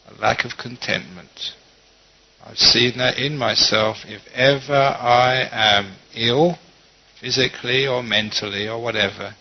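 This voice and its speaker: A middle-aged man, a Buddhist monk, giving a conversational dharma talk and teaching gently, with quoted asides. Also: medium pitch, creaky, a little hiss or hum. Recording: dull lo-fi talk recording.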